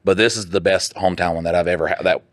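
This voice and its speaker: A man's voice: deep voice, racing, no echo. Laid-back man telling stories on a podcast. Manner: animated storytelling with quoted voices and laughs. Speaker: podcast co-host. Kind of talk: casual chat.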